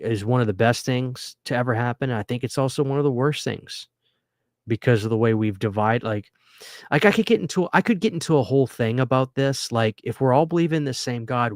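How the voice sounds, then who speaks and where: A man's voice: mid-range voice, no echo, studio quality. A man hosting a casual late-night livestream, reading viewer comments and rambling earnestly. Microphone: studio microphone.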